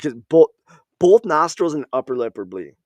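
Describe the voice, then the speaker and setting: A man from Minnesota, an Army veteran guest on a podcast, telling stories in a casual, profane and animated way. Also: fairly high pitch, moderate pace, dry recording.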